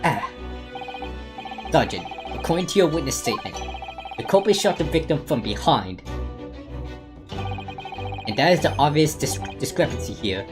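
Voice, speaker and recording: An earnest young defense attorney presses a witness on a discrepancy, as a woman reads his lines. The voice is low-pitched, with game music playing clearly behind. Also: sing-song, moderate pace, pauses often.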